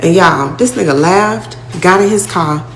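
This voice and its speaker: A woman tells her own life story in a slightly low voice, blunt and full of profanity, acting out what people said along the way. The room around her is echoey. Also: measured pace, slight background noise. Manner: blunt, profane street talk with acted-out quotes. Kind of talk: casual first-person storytelling.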